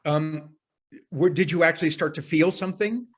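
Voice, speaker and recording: A man's voice: on the high side, moderate pace, breathy edge. A man leading an arts workshop, explaining ideas earnestly in a casual teaching voice, sometimes restarting sentences as he thinks aloud. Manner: casual phrasing with occasional mild profanity. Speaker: workshop leader. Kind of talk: teaching talk to workshop participants.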